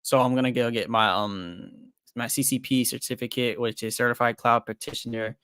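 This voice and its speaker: A man's voice: mid-range voice, fairly even intonation, normal speed, fairly bright tone, clean tone, no echo, clean studio sound. Rambling young man streaming casually. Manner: loose and rambling, thinks aloud with many fillers and restarts; frank and self-deprecating. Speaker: crypto trading livestream host. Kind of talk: casual livestream chat, reading viewer comments.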